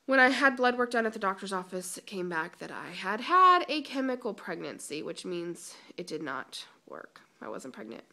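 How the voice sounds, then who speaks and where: A woman's voice: mid-range voice, sing-song, normal speed, gravelly, hardly any pauses, pushed and bright. A young woman giving a chatty, emotional personal vlog update, holding back tears, with many ums and restarts. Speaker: vlogger.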